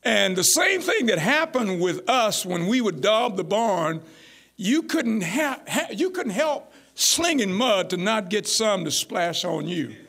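A middle-aged man preaching a folksy, animated sermon as pastor. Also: high-pitched, slow pace, gravelly. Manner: folksy, animated, rising to near-shouts.

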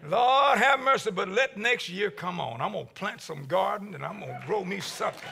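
A man preaching a sermon as pastor, with a preaching cadence that swells to shouts and drops low. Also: expressive, normal speed, creaky.

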